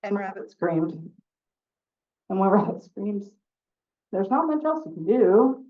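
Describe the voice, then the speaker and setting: Woman, storyteller, folk tale, slow pace, distant, phone-like sound. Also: mid-range voice, animated. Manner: slow and deliberate, repetitive folk-tale telling. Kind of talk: live story performance. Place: story slam event.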